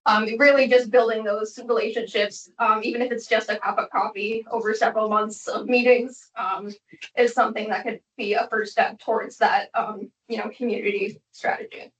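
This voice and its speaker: A woman's voice: fairly high pitch, steady tone, normal speed, fairly bright tone, a little hiss or hum. A woman presenting a policy plan at a public meeting, explaining in a careful way with frequent ums. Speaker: planning staff presenter. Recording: echoey room from far off, muffled.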